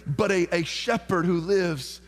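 A man's voice: high-pitched, unhurried, faint music behind. A male pastor preaching a sermon, reading scripture aloud and calling questions out to the congregation, building to fervent emphasis. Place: church sanctuary. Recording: long hall reverb.

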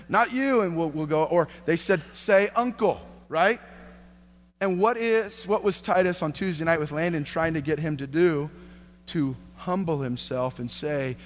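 A middle-aged man preaching a sermon to a congregation, talking with restarts and asking the room questions. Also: on the high side. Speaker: pastor. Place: church hall. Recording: long hall reverb, faint hum.

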